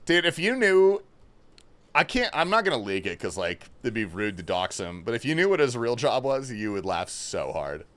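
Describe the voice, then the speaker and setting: A laid-back man on a gaming livestream, talking casually to his chat. His pitch is lively and moves a lot, and he sprinkles in swearing along with bro and man. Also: moderate pace.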